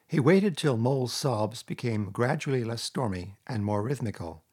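A man narrating a classic storybook in a measured, expressive reading. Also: mid-range voice, husky. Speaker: audiobook narrator.

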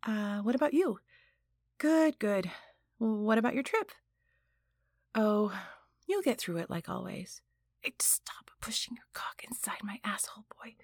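A woman voicing a flustered married woman who is tied up and hiding a secret, in a breathy whispered role-play that swings between hushed whispers and pleading. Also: mid-range voice, lively intonation, measured pace, pauses often, no room sound, clean studio sound. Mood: tense. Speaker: voice actor in an audio role-play.

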